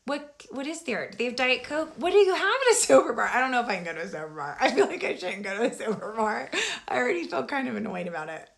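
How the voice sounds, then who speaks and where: A woman chatting casually with her viewers about her recovery, digressive and quick to laugh, with sudden animated outbursts. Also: on the high side, creaky. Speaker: vlogger sharing her recovery story. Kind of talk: casual live chat with viewers.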